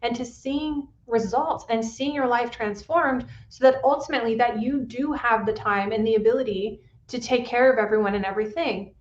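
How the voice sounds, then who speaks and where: A woman's voice: on the high side, echoey room, lo-fi sound. A woman pain specialist hosting a solo podcast, talking in an earnest coaching manner and often checking in with "right?".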